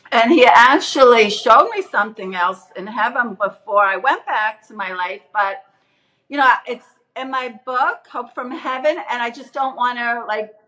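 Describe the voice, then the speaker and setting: A middle-aged woman earnestly retelling her near-death experience in casual testimony, acting out the quoted voices with big jumps in pitch. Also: sharp tone, rough recording.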